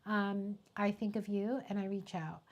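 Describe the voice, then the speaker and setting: A woman's voice: medium pitch, steady tone, lo-fi sound. Tearful, heartfelt woman photographer live-streaming. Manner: heartfelt, pausing, fighting back tears. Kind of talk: casual live-stream talk.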